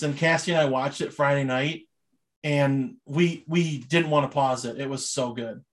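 A man's voice: mid-range voice, steady tone, normal speed, a bit bright. A young man chatting casually as a podcast host, rambling and enthusiastic with many fillers. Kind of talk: casual chat.

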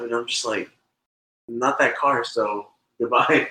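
A man's voice: mid-range voice, steady tone, takes it slowly, sharp tone, echoey room, poor audio. A young man telling a loose, swearing story in casual chat with friends. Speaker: podcast co-host.

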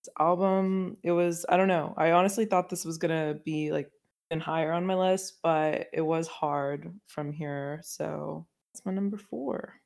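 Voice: mid-range voice, fairly even intonation, normal speed, gravelly, darkish tone. A podcast co-host talking casually and thoughtfully, hedging with "I feel like". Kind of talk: casual chat.

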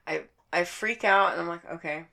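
Young woman ranting thru a story, cussing a lot, bright forceful voice, a bit low. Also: normal speed. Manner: profane, animated storytelling with acted-out quotes. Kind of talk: casual storytelling chat.

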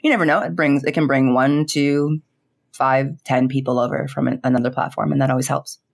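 A young woman, a streamer, chatting in an interview in a giggly, animated way, full of fillers and quoted dialogue. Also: very deep voice, a little fast, vocal fry. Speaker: streamer and content creator. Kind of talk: casual interview chat.

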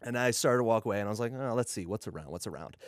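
A man's voice: fairly low pitch, racing, no room sound. Man telling stories on a podcast, dry sound. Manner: storytelling, animated, swearing, acting out quotes. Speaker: podcast co-host. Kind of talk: casual podcast chat.

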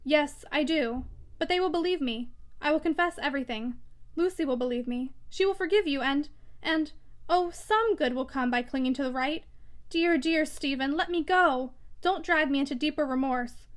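An anguished young woman pleading with earnest feeling in a classic novel read aloud, voiced by a woman narrator. Her voice rides high and trembles with urgency. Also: moderate pace, lightly acted. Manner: earnest, pleading, emotional delivery.

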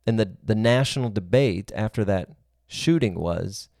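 A man preaching in an earnest, reasoning tone, stacking his points into long spoken lists. His voice sits low and sounds mellow and dark. The sound is dry and close, with no room echo. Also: animated, a little slow, gravelly. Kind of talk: sermon-style teaching.

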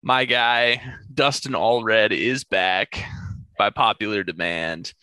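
A man hosting a casual sports podcast, telling stories in an animated way and laughing often. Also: fairly low pitch, takes it slowly, clear, resonant tone, dry recording. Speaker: podcast host.

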